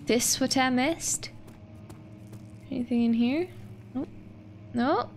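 A woman's voice: high voice, takes it slowly, pauses often, a little mellow, a little hiss or hum. A woman streaming a game, joking and rambling casually over the gameplay.

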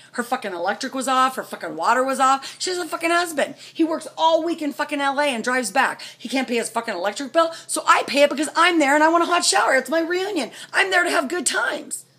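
A woman in middle age unloads her anger in a profanity-laced vlog rant. Her voice is husky and sits a little high. She lurches from loud outbursts to low, muttered fury. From United States. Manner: furious, profane, swings between shouting and low muttering. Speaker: vlogger, trucker's wife. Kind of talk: angry venting rant to camera.

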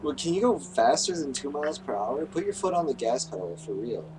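Teasing guy gaming with buddies, super lively voice, noisy mic. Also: medium pitch, a little fast. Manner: laughing, teasing. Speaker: gaming host. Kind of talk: casual gaming chat with friends.

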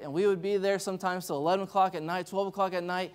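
A man's voice: high-pitched, quick pace, smooth. A man, a missionary pastor, telling stories in a conference sermon, acting out the dialogue with many restarts. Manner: animated storytelling, acts out dialogue, many restarts. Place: church sanctuary.

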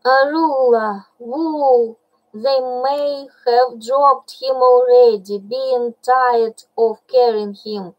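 A woman's voice: mid-range voice, muffled recording, close to an everyday voice. A woman voicing an old male bear teacher in a storybook reading, lamenting dramatically. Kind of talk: audiobook reading.

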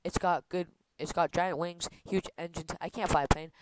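A man rushing through a comic read-through of a film script, stumbling over words and restarting lines. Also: fairly high pitch, fairly even intonation, clean tone, low-quality recording. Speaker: script reader. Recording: loud background noise with clicks.

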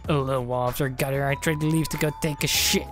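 Low-voiced woman reading a game aloud. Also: fairly even intonation, quick pace. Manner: casual, jokey, voices every character. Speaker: let's play host. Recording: voice with game music behind. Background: game music.

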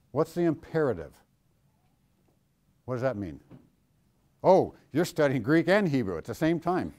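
A man teaching a Bible class, lively and engaging, often putting questions to his students. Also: mid-range voice. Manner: animated, asks the class questions.

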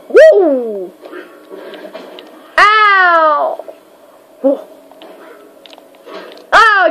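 A woman giving goofy, excitable commentary while playing a fighting game, yelping and crying out during the fights. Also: high-pitched, highs cut off. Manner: goofy, self-mocking. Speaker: gamer. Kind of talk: let's play commentary.

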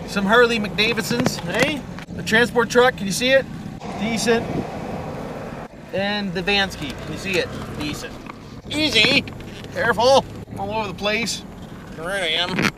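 Behind the wheel of a van with a window open, a man with a high-sitting voice and an Ontario Canadian accent rambles for his vlog. He keeps tacking "it is," "boys" and "friggin' right" onto his lines. The recording is windy and taken from a distance inside the car.

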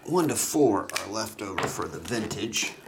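Man, low gravelly voice, tired and yawning, live card break host, noisy recording. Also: big pitch swings, moderate pace. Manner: chatty, reads names off cards, yawning. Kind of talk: casual live-stream chat. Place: indoor room at a camera.

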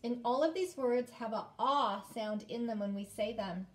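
A woman teaching an early-grade phonics lesson, clearly sounding out letters and inviting children to repeat after her. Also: fairly high pitch, normal speed.

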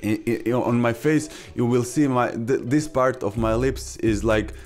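A young man hosting a casual beatbox tutorial, talking haltingly with many fillers and restarts. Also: mid-range voice, darkish tone, faint music behind. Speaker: beatbox tutorial channel host.

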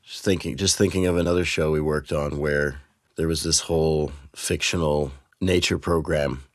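A man hosting his channel who reviews sound-design software in a casual, excited way, using a shotgun mic. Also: rumbling low, moderate pace, no echo, clean studio sound. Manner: excited, enthusiastic. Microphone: shotgun microphone.

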